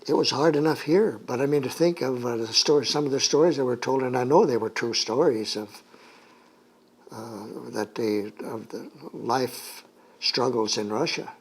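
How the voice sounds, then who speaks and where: An older man recalls his childhood in an oral history interview. His voice sits at a medium pitch, and he talks in halting, rambling stretches full of fillers. He comes from the United States.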